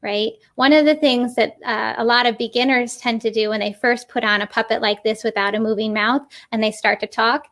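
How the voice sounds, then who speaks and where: A woman puppeteer and puppetry teacher, explaining her craft as a podcast guest in an animated, demonstrative way. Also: fairly high pitch, a little fast, few pauses.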